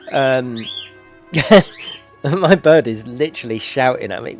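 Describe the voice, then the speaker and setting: Lively chatty man streaming. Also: slow, long pauses, faint music behind. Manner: rambling, chatty, breaks into high coo when talking to his pet bird. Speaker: gaming YouTuber. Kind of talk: casual live stream chat. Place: home desk. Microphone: desk microphone.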